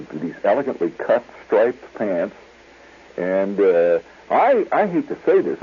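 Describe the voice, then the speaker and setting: A man's voice: lowish voice, breathy edge. A man hosting a radio show, telling a digressive story in a chuckling, storytelling way. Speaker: radio host. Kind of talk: rambling storytelling monologue. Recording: tinny 1970s radio broadcast.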